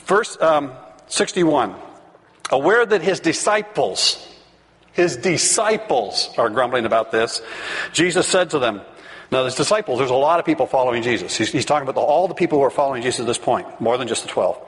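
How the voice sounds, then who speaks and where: A man preaching a sermon, reading scripture aloud and acting out the crowd's voices with animated asides. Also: medium pitch, fairly quick. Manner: animated, reads scripture and acts out the crowd's questions. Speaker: pastor. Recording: long hall reverb.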